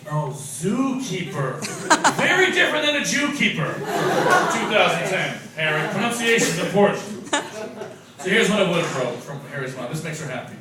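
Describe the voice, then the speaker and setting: On a comedy club stage before a laughing crowd, this comedian and English teacher lurches from loud, profane bursts to muttered asides in a high, sing-song voice at a moderate pace. The distant mic captures an echoey room full of crowd noise.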